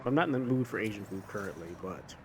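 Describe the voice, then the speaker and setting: A young man hosting a gaming video talks casually and earnestly about faith while playing a driving game, rambling with lots of restarts and fillers. His voice is on the low side, animated and fast. Faint game engine and road noise play underneath.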